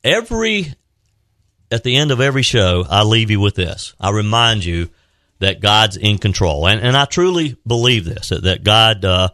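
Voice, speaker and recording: A male radio talk show host in a studio, telling a story in a halting, earnest way with many restarts. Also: fairly low pitch, animated, sharp tone, dry recording. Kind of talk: heartfelt farewell talk and storytelling. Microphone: close studio microphone.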